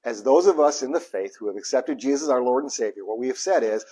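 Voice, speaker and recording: Preacher, male, husky and a bit breathy, impassioned, chuckles between points. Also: medium pitch, expressive, fast talker, few pauses. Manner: impassioned preaching, swings from hushed to loud bursts; chuckles between points, repeats lines for emphasis. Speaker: pastor. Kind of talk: live sermon.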